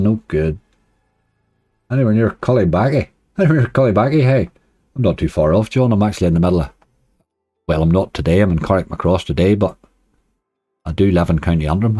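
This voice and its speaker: A man's voice: sits low, expressive, a little fast, long pauses, mellow, no room sound, studio quality, faint music behind. Northern Irish man chatting over roulette. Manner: chatty, talks to his chat, groans at near misses. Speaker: slots streamer. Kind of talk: live casino stream commentary.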